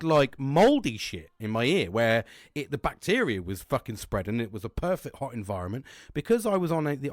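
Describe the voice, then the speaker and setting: A man's voice: medium pitch, no echo, clean studio sound. A man telling a long casual story, rambling and swearing constantly as a podcast host.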